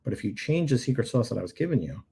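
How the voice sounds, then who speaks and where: A man's voice: mid-range voice, very animated, rapid-fire, creaky, mellow, breathy edge. A man hosting a live show, chatting casually and critiquing product listings on his screen, with joking asides and emphatic repeats. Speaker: livestream host reviewing product listings.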